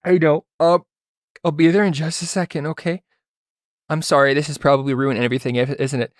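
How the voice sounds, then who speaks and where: A man's voice: a little high, little pitch movement, brisk, no echo, studio quality, close to an everyday voice. A man voicing an embarrassed, apologetic teenage girl who talks in a flustered way.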